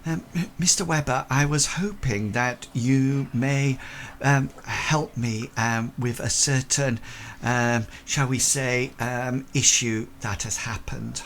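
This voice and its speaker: A man voicing a polite, worried young Victorian lady who speaks in halting phrases. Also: medium pitch, fairly even intonation, fairly bright tone, a little hiss or hum.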